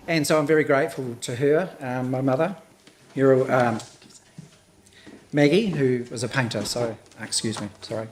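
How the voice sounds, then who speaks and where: A man giving a thank-you speech at a gallery opening. He talks in a nervous, halting way, with restarts and soft laughs, his voice a little hoarse and thick with emotion. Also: medium pitch. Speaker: exhibiting artist.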